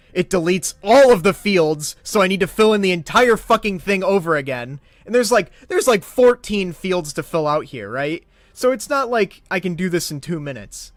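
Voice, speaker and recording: A man telling a comic story as a profane, exasperated rant that swings between loud outbursts and muttered asides. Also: on the high side, dry recording. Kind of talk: comedic ranting story.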